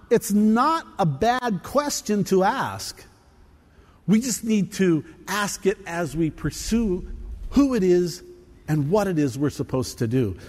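A man preaching in a church with a high, lively voice that swoops up and down. He speaks slowly and acts out the lines of scripture. His voice rings through a hall with a long echo. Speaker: pastor. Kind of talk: sermon.

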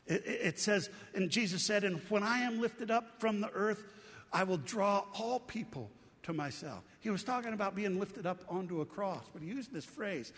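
A man's voice: sits high, fairly bright tone. A middle-aged male pastor giving an earnest, conversational sermon in a church, asking the congregation rhetorical questions. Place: church sanctuary. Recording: long reverb from a hall.

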